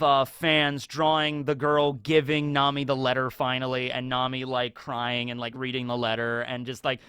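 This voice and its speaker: A man talking casually as a YouTuber about an anime special. He is excitable, rambling, and full of fillers and tag questions. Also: medium pitch, smooth, dry recording, clean studio sound.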